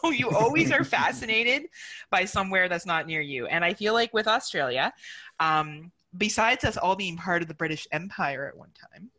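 Woman, podcast co-host: animated, bright-toned, laughs and swears freely. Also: lowish voice, normal speed. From Canada. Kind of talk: casual podcast chat.

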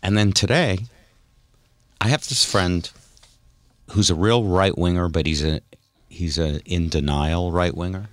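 A man's voice: sits low, steady tone, unhurried, pauses often, no echo. A man hosting a casual podcast, telling stories animatedly and laughing often. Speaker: podcast host. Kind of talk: casual chat.

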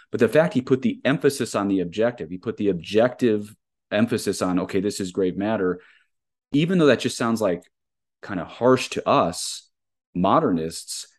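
A man's voice: on the low side, darkish tone. A man, a Catholic priest, hosting an interview and explaining ideas earnestly at length. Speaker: podcast host, Catholic priest. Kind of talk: conversational interview.

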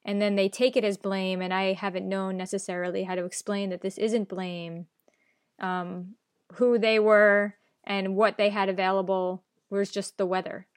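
A woman's voice: mid-range voice, little pitch movement, normal speed, smooth, dry recording, studio quality. A woman hosting a podcast interview, effusive and enthusiastic in her praise of her guest. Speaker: podcast host. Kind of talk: interview chat.

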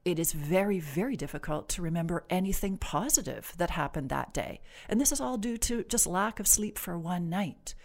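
A woman clinician, a guest on the podcast, explaining stress and sleep in a measured, reassuring, gently instructive way. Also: fairly low pitch, lively intonation. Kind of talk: calm explanatory interview talk.

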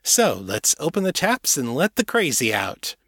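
A man narrating his own serialized fiction in a measured, even reading. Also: mid-range voice, no room sound, clean studio sound. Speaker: author and audiobook narrator. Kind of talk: scripted narration.

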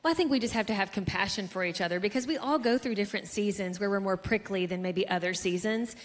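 A woman with a mid-pitched voice co-hosts a faith-based marriage talk. She speaks sincerely and in an encouraging way. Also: fast talker. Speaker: co-host of a marriage show.

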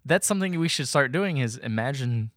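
Bright, lively male podcast co-host. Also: medium pitch, a little fast, no room sound, studio quality. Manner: loose, rambling, swears freely. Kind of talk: casual movie-review chat.

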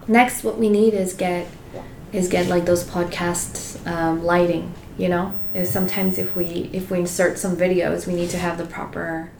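A woman's voice: fairly low pitch, flat delivery, moderate pace, gravelly, a little mellow, slight background noise. A woman co-hosting a podcast in casual chat, talking in restarts and laughing often. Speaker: podcast co-host. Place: room shared with co-hosts. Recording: echoey room.

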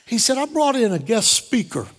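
A pastor preaching a sermon, driving points home through repetition and telling personal stories. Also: male voice, very high voice, sing-song, normal speed. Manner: repetitive emphatic preaching cadence. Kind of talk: sermon with storytelling. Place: church sanctuary. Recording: long reverb of a church hall.

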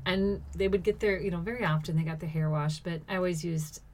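A woman's voice: fairly low pitch, fairly even intonation, a little fast, darkish tone. A middle-aged woman telling a personal story in a casual monologue, laughing often and exclaiming as she acts out what people said.

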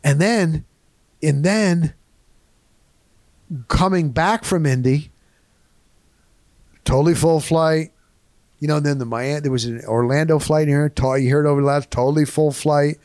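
Animated storytelling man, dry close sound. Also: a little slow, long pauses, no echo. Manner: animated, swinging pitch, rambling asides. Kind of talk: casual storytelling monologue.

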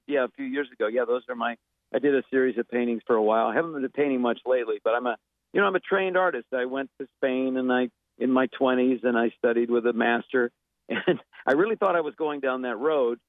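Gravelly man, mid-pitched voice, rambling interview guest, tinny phone-line sound, dry. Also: fast, dry recording. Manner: rambling, thoughtful, many fillers and restarts. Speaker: interview guest, actor and impressionist. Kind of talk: casual interview talk.

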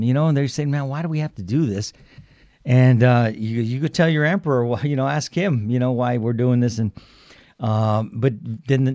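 Male radio co-host, mellow dark voice, rambling storyteller, dry studio sound. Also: mid-range voice, dry recording. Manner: rambling storyteller with many restarts. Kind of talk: casual radio talk.

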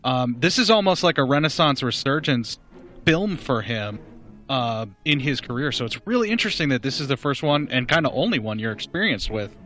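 A man's voice: mid-range voice, lively intonation, a little fast, a bit bright. A man with an Appalachian accent, an enthusiastic, joking co-host in a casual film podcast chat.

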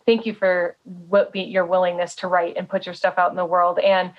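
A woman's voice: lowish voice, level tone, normal speed. Effusive woman podcast host, dull sound. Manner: effusive and affirming, many fillers. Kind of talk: casual podcast interview.

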